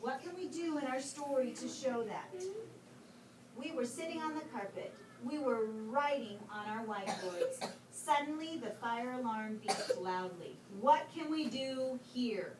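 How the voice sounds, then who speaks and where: A woman teacher coaxing young pupils through a writing lesson, asking questions and reading words aloud slowly. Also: high-pitched, animated, a crowd in the background. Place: classroom. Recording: roomy, distant, noisy classroom.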